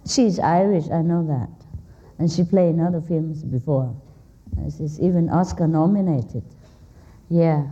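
Slow, playful woman with a dull sound. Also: fairly low pitch, warm tone. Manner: playful, laughs often, chats with the audience. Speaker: spiritual speaker. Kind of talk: informal talk to a live audience. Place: indoor hall with a seated audience. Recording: dull lo-fi recording.

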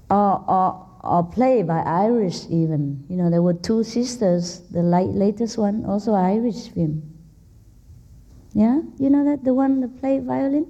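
A woman giving an easygoing spiritual talk to a seated crowd, her words unhurried and her tone mellow. She teases the people near her and laughs easily. The recording has a dull, lo-fi sound. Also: mid-range voice. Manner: playful, laughs often, chats with the audience. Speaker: spiritual speaker. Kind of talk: informal talk to a live audience. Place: indoor hall with a seated audience.

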